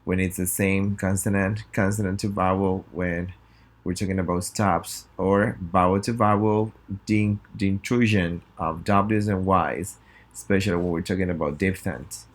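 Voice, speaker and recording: A man with a Spanish accent teaching English pronunciation in a recorded lesson, reading example sentences slowly and clearly for students to repeat. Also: deep voice, fairly even intonation.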